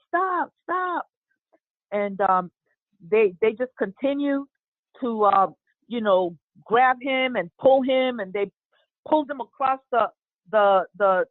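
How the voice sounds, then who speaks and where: A woman, an eyewitness, recounting an incident in an interview, halting with many fillers and restarts. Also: fairly high pitch, no echo. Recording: tinny phone-line audio, dry.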